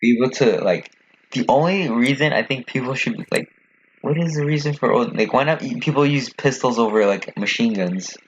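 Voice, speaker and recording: A young man co-hosting a casual podcast chat, talking fast and rambling with lots of fillers and swearing. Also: mid-range voice. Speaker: podcast co-host. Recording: dull lo-fi sound with faint noise.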